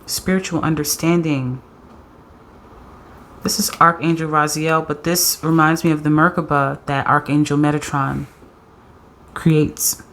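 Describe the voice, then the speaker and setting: A woman doing a pick-a-card tarot reading, excitable and slangy, often laughing and acting out quotes. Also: deep voice, a little slow, pauses often, a little hiss or hum. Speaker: tarot reader.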